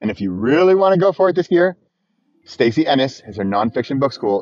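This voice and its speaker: A man giving an animated, playful monologue for his vlog while walking outdoors, often laughing at himself. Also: medium pitch, a little fast, muffled recording, faint music behind. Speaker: vlogger.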